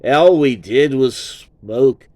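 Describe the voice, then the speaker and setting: A man hosting a rambling album review show, excitable and profane, slipping into British slang. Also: mid-range voice, very slow, no echo. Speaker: host of a music commentary show.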